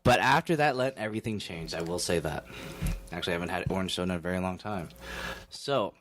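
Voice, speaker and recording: A man chatting as a podcast guest, telling a story in a playful, animated way. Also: fast talker, a crowd in the background. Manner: animated, playful, swings his pitch. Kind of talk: casual storytelling chat.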